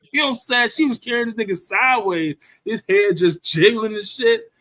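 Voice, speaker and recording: A man's voice: high voice, moderate pace, pushed and bright, no echo. A man telling a rambling, profane story in casual chat, often asking "you know what I'm saying".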